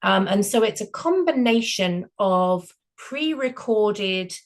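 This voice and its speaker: A woman founder hosting an online meeting, briskly walking her team through a new platform. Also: medium pitch, animated. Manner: upbeat, brisk, explains step by step. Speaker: project founder and meeting host. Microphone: video call.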